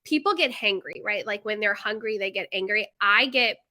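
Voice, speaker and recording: A woman's voice: medium pitch, animated, moderate pace, sharp tone. A woman in her thirties who runs a bakery, chatting casually to camera with lots of fillers and tangents. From United States. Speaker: bakery owner.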